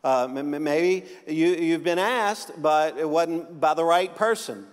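A man's voice: fairly high pitch, lively intonation, measured pace, smooth, long reverb tail. A male pastor preaching a sermon in a joking, conversational way, with frequent restarts.

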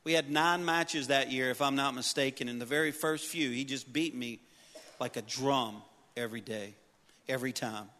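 A middle-aged man preaching a sermon, telling personal stories with humor and building to loud exhortation. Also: medium pitch, normal speed. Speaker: pastor. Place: church sanctuary. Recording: long reverb of a large hall.

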